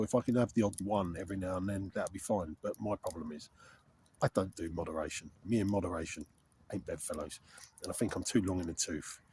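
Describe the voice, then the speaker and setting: A man's voice: low voice, a little mellow, a little hiss or hum. A middle-aged man chatting candidly and rambling to camera while camping outdoors in a frosty wood. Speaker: wild camping vlogger. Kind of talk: casual rambling chat to camera.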